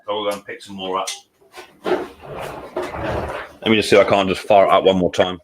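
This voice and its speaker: A British man with a husky voice, chatting casually and rambling on a live stream from a small cold workshop shed. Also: deep voice, level tone, normal speed, background noise. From Britain. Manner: chatty, rambling with restarts and fillers. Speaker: live stream host, mower repairer. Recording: dry, close studio mic.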